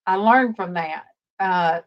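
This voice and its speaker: A woman hosting a casual faith-based livestream, telling stories slowly with many fillers over a video call. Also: fairly low pitch. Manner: rambling, warm storytelling with many fillers. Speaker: livestream host. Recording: dull lo-fi stream audio.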